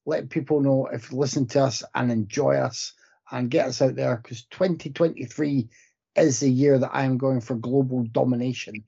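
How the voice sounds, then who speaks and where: A man's voice: mid-range voice, fairly even intonation, normal speed, creaky, warm tone, breathy edge. A man co-hosting a podcast in casual, joking, self-mocking chat. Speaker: podcast co-host. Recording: muffled lo-fi audio.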